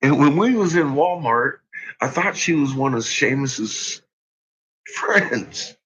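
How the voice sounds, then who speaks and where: A man's voice: medium pitch, animated, slow pace, a bit bright, husky. A middle-aged man telling stories about his son in casual chat, laughing constantly and swearing freely. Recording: dull lo-fi recording.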